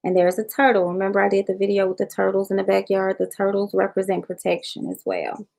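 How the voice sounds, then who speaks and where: A middle-aged woman from Memphis talks in a loose, folksy Southern drawl, reading her viewers' comments on a live tarot stream. Her voice has a gravelly, fry-laced edge at a middling pitch. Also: animated, quick pace, darkish tone. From Southern United States. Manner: folksy, reads viewer comments aloud and addresses them as y'all and honey. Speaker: tarot reader on a livestream. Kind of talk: casual livestream chat with viewers.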